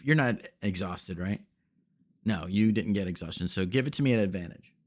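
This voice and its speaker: Deep-voiced man running a tabletop game. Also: moderate pace. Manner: relaxed, rambling, many fillers. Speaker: game master.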